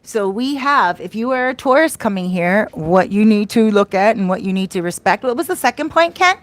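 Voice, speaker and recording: A woman's voice: mid-range voice, expressive, moderate pace. A woman hosting a casual livestream, chatting affectionately and reading out viewer comments. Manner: affectionate, effusive, reads viewer comments aloud. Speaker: livestream host and life coach. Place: outdoors in the Dominican Republic.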